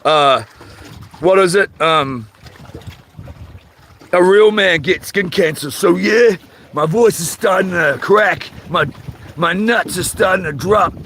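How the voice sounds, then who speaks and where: A New man streaming from a fishing rock, chatting in a halting, rambling way as he reads viewer comments, his voice a little rough and tired. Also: sits high, a bit bright, a little hiss or hum. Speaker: livestream host. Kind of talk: casual livestream chat. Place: outdoors on a rock by the water at night. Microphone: phone.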